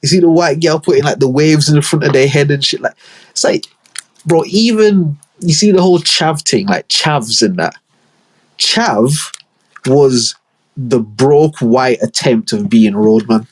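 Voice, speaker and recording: A young man from Leeds, northern England, delivers a solo podcast monologue, loose and slangy, repeatedly slipping into mocking impressions as he tells animated stories. His mid-range, somewhat husky voice keeps a measured pace.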